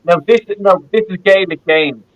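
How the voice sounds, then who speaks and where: Dublin Irish man, call-in host, slightly high voice, blunt, swearing, video call. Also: normal speed, muffled recording. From west of Ireland. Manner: blunt, swearing, repeats himself. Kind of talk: live call-in chat.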